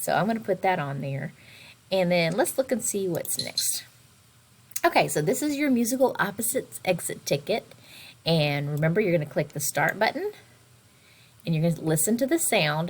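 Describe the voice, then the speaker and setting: Teaching children music in a recorded online lesson, a woman with a lowish voice is expressive, emphasizing words by slowing them down or whispering them.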